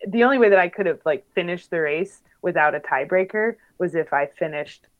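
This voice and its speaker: A woman's voice: on the low side, expressive, a little fast, phone-quality sound. A young woman, a professional bike racer, chatting casually in an interview with lots of fillers and laughs. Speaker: pro bike racer guest.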